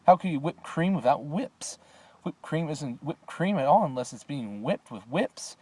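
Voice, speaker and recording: A man voicing an eccentric, excitable male chocolate maker, shouting and chanting in rhyme. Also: fairly high pitch, moderate pace, husky, no echo, voice pushed up. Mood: excited shouting. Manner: shouting, sing-song rhyming chant.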